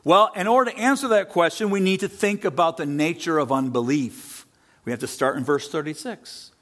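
A man's voice: a little high, brisk. A man preaching a sermon as pastor, emphatic, asking and answering rhetorical questions. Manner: animated, rising and falling delivery.

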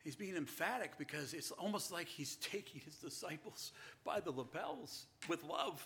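Addressing his listeners as saints, this preacher asks questions and then answers them, rising into emphatic stretches of his sermon. His male voice is a little high, pushed and bright, with vocal fry, normal speed, and few pauses. It's expressive throughout.

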